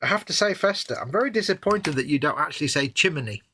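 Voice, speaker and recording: A man's voice: a little high, lively intonation, fast talker, pushed and bright, slight background noise. A middle-aged man co-hosting a live hobby stream, trading dry, wry quips in casual banter.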